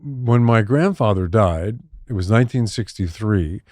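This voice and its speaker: Pria tua bercerita dengan nada hidup. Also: male voice, measured pace, dry recording, studio quality. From United States. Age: older. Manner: animated storyteller, lively pitch swings, laughs often. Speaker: podcast co-host. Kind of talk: casual chat.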